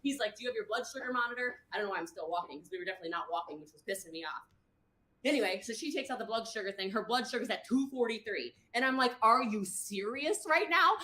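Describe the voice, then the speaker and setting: A woman rambles through a story on a livestream, acting out each quoted line. Her voice is bright and forceful, and the room around her rings with echo. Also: medium pitch, rapid-fire. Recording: echoey room.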